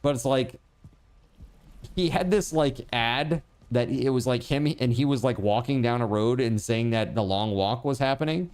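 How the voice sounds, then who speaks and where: While streaming a game, a man rambles casually to his chat viewers, using lots of fillers. His voice is mid-range and darkish in tone, at a moderate pace.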